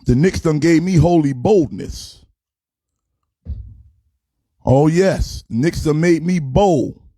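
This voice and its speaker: A man rants about basketball as if from the pulpit. He is boastful and playful, and he slides into sing-song preacher cadences. His voice sits a little high yet sounds warm and mellow, recorded dry and close. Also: slow, no echo. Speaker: pastor. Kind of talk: comic sermon-style sports rant.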